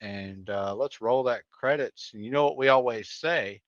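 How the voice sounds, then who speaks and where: A man's voice: medium pitch, normal speed, few pauses, no echo, dull audio. A man co-hosting a veteran livestream, recapping the episode in an easygoing way with plenty of "uh" fillers. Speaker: co-host of a veteran livestream show. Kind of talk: casual livestream recap chat.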